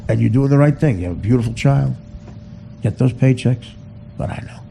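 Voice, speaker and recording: A man with a gravelly, dark voice tears through a profane comic rant, his pitch swinging widely as he goes. He laughs at his own jokes, then sinks to a hushed near-whisper for the confessional parts. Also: lively intonation, a little fast, a little hiss or hum, poor audio.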